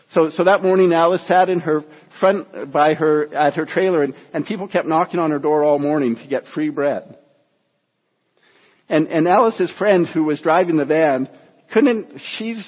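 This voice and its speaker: A man preaching a sermon through a story in an earnest, halting way with many restarts, then reading scripture, recorded dull and echoey in a church hall. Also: on the high side, husky.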